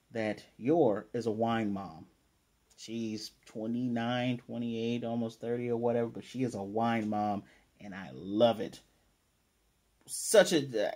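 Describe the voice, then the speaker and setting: A man's voice: medium pitch, mellow. A man casually recapping an anime episode, animatedly paraphrasing the characters' lines. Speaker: anime reviewer.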